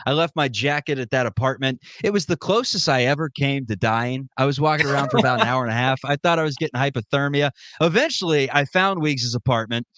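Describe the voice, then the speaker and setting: A man's voice: medium pitch, brisk, hardly any pauses, a bit bright, no room sound. A young man hosting a podcast, ribbing his guest and telling rambling stories in casual chat. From Ohio. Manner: joking storyteller, ribbing banter. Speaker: podcast host.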